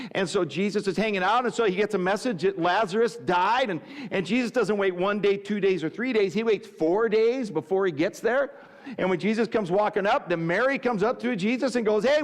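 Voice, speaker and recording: A man preaching a sermon as pastor, telling the story animatedly and often stammering over repeated words. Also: high voice. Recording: echoey hall.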